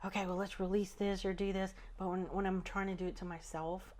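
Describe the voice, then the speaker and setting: A woman hosting a casual spiritual chat, relaxed and chatty, often trailing off mid-thought. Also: mid-range voice, a little fast. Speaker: podcast host.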